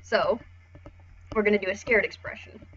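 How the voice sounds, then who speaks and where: A woman casually explaining how to draw expressions, chatty and relaxed, with the odd swear. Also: mid-range voice, normal speed, breathy edge, lo-fi sound. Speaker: art tutorial host. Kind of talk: casual drawing tutorial.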